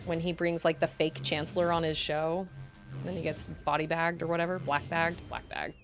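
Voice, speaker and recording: A woman's voice: low voice, little pitch movement, normal speed, creaky, over music. A young woman streaming a video game, chatting casually and breaking into frustrated outbursts and groans at the game. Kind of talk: casual live-stream chat while gaming.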